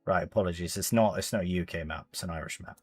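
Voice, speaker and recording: Low-voiced chatty game streamer. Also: male voice, fast talker, darkish tone, breathy edge, faint music behind. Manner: chatty, reads chat aloud, British slang. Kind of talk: casual live-stream commentary.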